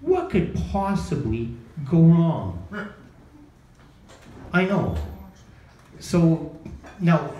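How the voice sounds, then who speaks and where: A man's voice: on the high side, big pitch swings, extremely slow, pauses often, mellow, dull audio, slight background noise. Self-deprecating stand-up man, echoey bar. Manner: self-deprecating, asks the crowd questions. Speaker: open mic comedian. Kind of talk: stand-up set, then interview answers. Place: bar comedy night. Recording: echoey bar room, faint ambience.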